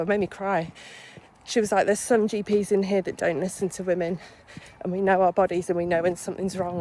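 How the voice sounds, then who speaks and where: A young woman from England chats to camera in a relaxed vlog. She is animated and talkative, retelling conversations and swearing freely as she goes. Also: medium pitch, a little fast, a little hiss or hum. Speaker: vlogger. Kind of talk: casual vlog chat.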